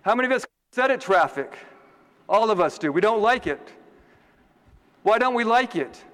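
Priest guy w a high voice, chatty jokey homily, big echoey church. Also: expressive, normal speed, fairly bright tone. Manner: conversational, joking, asks the congregation questions.

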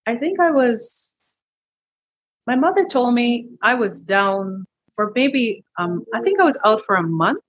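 A middle-aged woman guest in an interview, telling a personal story in a lively, animated way, repeating words as she goes. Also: measured pace, husky, muffled recording. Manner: animated, breaks into high quoted voices, repeats words. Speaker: interview guest, wellness clinic owner.

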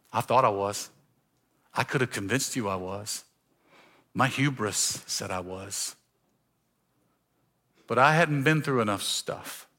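A man pastor preaching a sermon in a church, telling a personal story and shifting between loud emphasis and hushed, quiet lines. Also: medium pitch.

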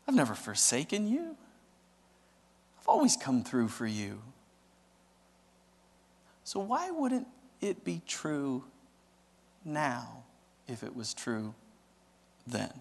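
A man voicing God as a calm, fatherly figure, speaking softly and slowly. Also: mid-range voice, gravelly, husky, big-room sound, heavily acted. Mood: gentle reassurance. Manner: soft, gentle, slowing.

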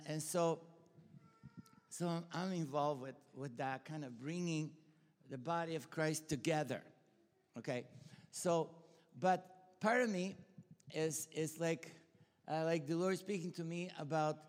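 An older man from Bulgaria with a Bulgarian accent, preaching informally in a rambling, enthusiastic way full of restarts. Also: on the high side. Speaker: pastor and school leader. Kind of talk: informal sermon with personal stories. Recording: long hall reverb.

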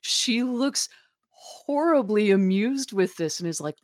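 A woman's voice: mid-range voice, animated, takes it slowly, no echo, studio quality. A woman playing a tabletop game who describes her character's actions in a hesitant, chatty way. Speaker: player. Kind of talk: casual tabletop play.

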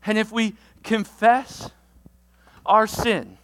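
A pastor giving a sermon, walking through a numbered list of alliterative points with energetic delivery and sudden loud outbursts. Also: mid-range voice, slow, in a large hall. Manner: lists points with alliterative words.

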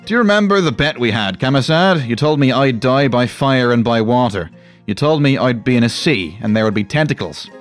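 A man's voice: medium pitch, lively intonation, a little fast, close to an everyday voice. A man voicing a roguish male dwarf thief who teases with a sly drawl, over faint music. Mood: teasing.

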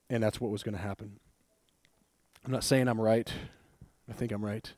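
A man preaching a sermon in a conversational, animated way, laughing often and retelling scripture with acted quotes. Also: on the low side, unhurried, dry recording.

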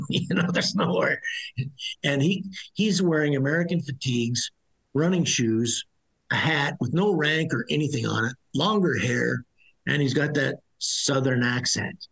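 A man's voice: a little high, a little slow, creaky, a bit bright, slightly rough, rough recording. A middle-aged man, a former soldier as interview guest, telling his story bluntly and ramblingly, with many restarts. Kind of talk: conversational storytelling.

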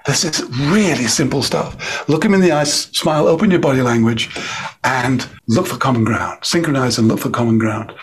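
A man's voice: fairly high pitch, a little hiss or hum. A man with an English accent, a guest speaker talking energetically in an interview. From England. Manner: energetic, emphatic, acts out quoted voices. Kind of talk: animated interview talk.

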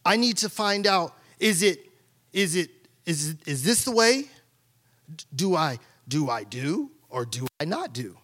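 A man preaching a sermon in a high, bright voice. He talks in a candid, conversational way, circling back and restarting his sentences as he shares his own struggles with the congregation. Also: very animated, a little slow. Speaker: pastor.

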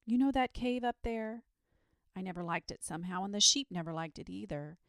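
A woman's voice: medium pitch, fairly quick, fairly bright tone, no echo, clean studio sound, natural voice. A woman voicing a frightened middle-aged male shepherd who speaks in agitated, rustic country talk.

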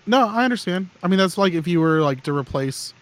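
Animated and a little fast, a high-sitting male voice carries this casual gear podcast chat. The host rambles, cracks jokes, and frequently starts his sentences over.

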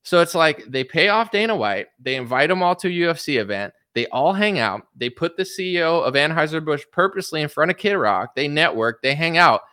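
A man rants in sarcastic, mocking commentary and swears freely. His voice is bright and forceful and sits a little high. It is recorded close and dry. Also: lively intonation, brisk, few pauses, clean tone, no echo. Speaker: online commentator. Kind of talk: ranting commentary.

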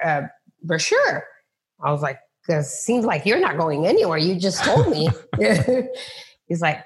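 A woman's voice: on the low side, animated, normal speed. A middle-aged woman, a real estate agent, telling faith stories in an interview, acting out quoted voices with many restarts. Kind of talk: faith-centered interview storytelling.

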